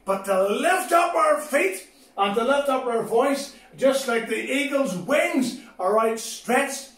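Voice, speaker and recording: A high-voiced man preaches to children in an animated way. He swings between loud, bright exclamations and soft, low asides. The voice sounds echoey and a little distant, as if the mic is across the room. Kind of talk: children's sermon.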